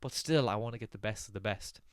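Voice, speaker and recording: A man's voice: on the low side, fast talker, clear, resonant tone, no room sound. A man with an Irish accent, a podcast guest talking bluntly and opinionatedly. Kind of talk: casual chat.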